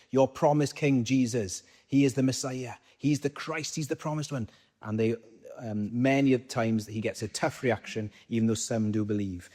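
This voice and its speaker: A man's voice: medium pitch, a little mellow. Welsh man preaching a conversational sermon. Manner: conversational, asks the congregation questions and answers them.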